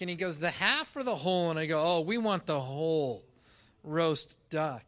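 High bright-voiced pastor guy, preaching and telling a story, acts out the back and forth. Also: normal speed. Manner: animated storytelling, acting out dialogue. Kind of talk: sermon with personal story.

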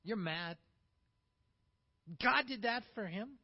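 A man preaching a sermon, animated, swinging from emphatic peaks to quiet, slowed asides. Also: high-pitched, dull audio. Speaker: pastor.

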